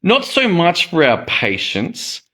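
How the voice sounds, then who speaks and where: A man's voice: on the high side, huge pitch swings, takes it slowly, bright, forceful tone. A middle-aged man telling a personal story in a casual monologue, acting out the reactions he quotes. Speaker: medical educator and host.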